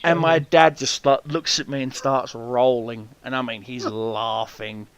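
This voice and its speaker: A man hosting a podcast, telling an animated story full of swearing and acted-out voices. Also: mid-range voice, unhurried, clear, resonant tone, highs cut off. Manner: swears freely, animated, acts out quoted voices. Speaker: podcast host. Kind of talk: casual storytelling chat.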